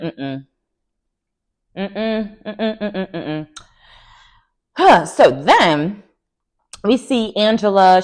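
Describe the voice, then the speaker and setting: A woman giving sassy, opinionated recap commentary on a reality show with lively slangy asides. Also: low voice. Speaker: recap vlogger.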